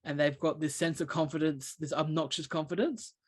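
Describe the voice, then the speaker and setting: Podcast co-host, man, slightly higher pitch, chatty rambling storyteller. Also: level tone, a little fast, husky. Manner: rambling storyteller, many restarts. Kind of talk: casual chat.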